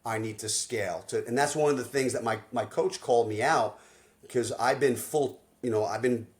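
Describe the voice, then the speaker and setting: Animated, slangy male coach telling stories. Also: mid-range voice, normal speed. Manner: energetic, slangy, acts out quoted dialogue. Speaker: life coach and podcast host. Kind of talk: animated storytelling conversation.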